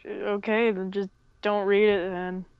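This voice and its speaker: Slow-talking young woman on a dull lo-fi mic. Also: medium pitch, flat delivery, clean tone, dry recording. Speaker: podcast co-host. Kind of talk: casual chat.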